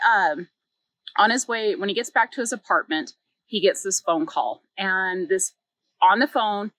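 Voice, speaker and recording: A woman retells a short story's plot in a loose, chatty way. She fills her sentences with filler words and slips into little acted quotes. Her voice sits at a middle pitch, and the recording is dry and close. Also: a bit bright, dry recording, low-quality recording. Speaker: book reviewer. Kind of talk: casual story recap.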